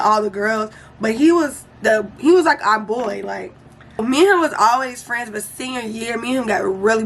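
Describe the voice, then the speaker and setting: A young woman casually telling a storytime vlog in an animated, slangy and profane way. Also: mid-range voice, a little hiss or hum.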